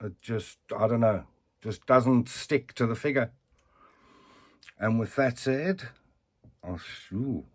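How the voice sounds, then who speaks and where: A man's voice: mid-range voice, takes it slowly, pauses often. A man talking through his collectible figures in a casual, rambling show-and-tell vlog, often ending lines with "eh?". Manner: rambling and chatty, with tag questions like "eh?".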